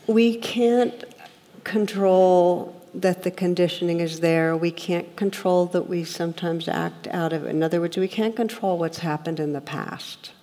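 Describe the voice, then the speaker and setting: Low-voiced woman teacher in an echoing hall. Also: fairly even intonation, a little slow, warm tone. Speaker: meditation teacher. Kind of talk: dharma talk. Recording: long hall reverb.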